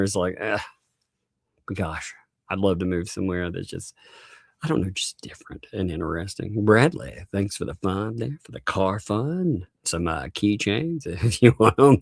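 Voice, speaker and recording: A man's voice: on the low side, darkish tone, no room sound, studio quality. A middle-aged man, casually chatting on a live stream and thanking donors, chuckling often as he rambles. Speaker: livestream host reading viewer donations.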